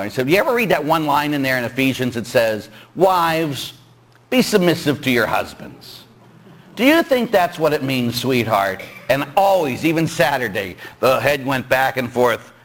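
Animated priest preaching with playful shouts. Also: male voice, mid-range voice, moderate pace, gravelly. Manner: animated storytelling, jumps into shouting; teasing, chatty, asks "huh?". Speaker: Catholic priest. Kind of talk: sermon.

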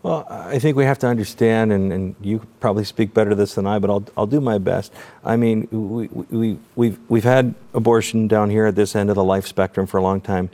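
A man's voice: lowish voice, fairly even intonation, a little fast, dark tone. A middle-aged man from Canada, a guest on a talk show, speaking earnestly and often repeating words as he works through his thoughts. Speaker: guest, documentary maker.

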